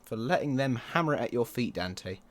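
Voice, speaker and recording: Excitable man yelling at a football game. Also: medium pitch, brisk. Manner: excitable, groans and yells at the match. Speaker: video game commentator. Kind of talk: let's play commentary.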